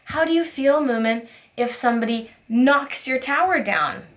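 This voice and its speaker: A woman teaching a preschool circle time, asking gentle questions in a sing-song teacher voice. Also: high-pitched, moderate pace. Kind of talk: circle time lesson for young children.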